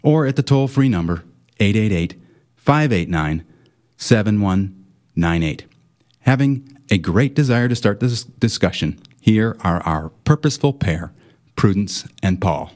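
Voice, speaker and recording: Man, very low voice, radio announcer, scripted, measured delivery. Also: animated, darkish tone. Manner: measured, reads contact numbers slowly.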